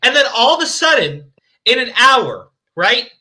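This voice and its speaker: Bright, lively man mocking fan fiction. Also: very high-pitched, unhurried. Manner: mocking, profane asides. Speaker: stream host. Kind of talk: reading fan fiction aloud with commentary.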